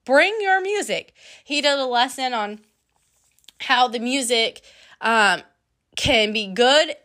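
Young woman, higher register, chatty faith testimony, earnest, laughs easily. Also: fairly bright tone. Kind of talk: casual personal faith testimony.

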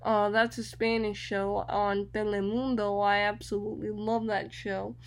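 A young woman hosting a radio show, telling personal stories in an animated way and acting out other people's voices. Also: medium pitch, measured pace. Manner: animated storytelling, acts out others' voices, repeats words.

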